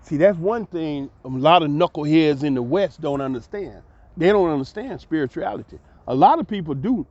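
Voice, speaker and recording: A man telling a long personal story as a vlogger, animated and acting out the voices of the people in it. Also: a little high, normal speed, no echo. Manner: animated, acts out voices, laughs mid-story. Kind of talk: storytelling monologue. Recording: dull lo-fi recording.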